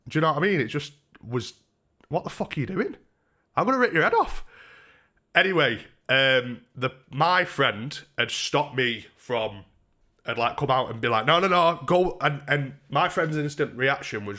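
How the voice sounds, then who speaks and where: A young man on a home live stream, telling a rambling, sweary story with lots of restarts. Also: medium pitch. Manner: sweary, rambling, restarts a lot, animated when quoting. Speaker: livestreamer. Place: home kitchen.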